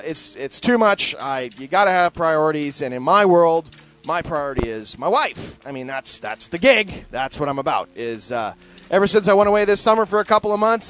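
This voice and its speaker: A man hosts his podcast alone, still getting over a cold. His voice sits high and swings widely in pitch as he rants. His profane, opinionated talk is broken up by mocking impressions of other people. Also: fairly bright tone. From Canada. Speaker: podcast host. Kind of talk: rambling solo monologue.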